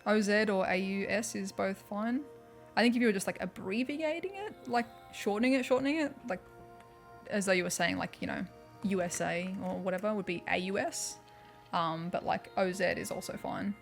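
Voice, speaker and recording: A young woman with an Australian accent chats away while she plays a game on stream, her pitch sitting in a middle range. She rambles loosely, with plenty of "like" and "um", and faint game music plays underneath her. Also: normal speed, vocal fry. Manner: chatty and rambling, heavy on "like" and "um". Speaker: livestreamer. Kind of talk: casual chat while playing a video game.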